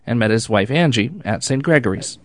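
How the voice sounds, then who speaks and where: A reporter narrates a radio feature in an unhurried, deliberate voice. The sound is close and dry, with a mid-range pitch. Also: no room sound. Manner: slow, calm, deliberate narration.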